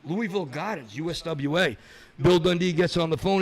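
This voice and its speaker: A man's voice: fairly high pitch, brisk. A middle-aged man from Massachusetts, a podcast guest telling stories in casual chat, acting out the voices of other people. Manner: animated storyteller, acts out other people's voices.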